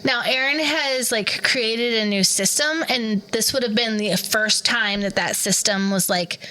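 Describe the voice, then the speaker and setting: A woman's voice: fairly high pitch, a little slow, sharp tone, low-quality recording. A woman in her thirties, a podcast co-host, animatedly retelling a story in casual chat and acting out the quoted voices.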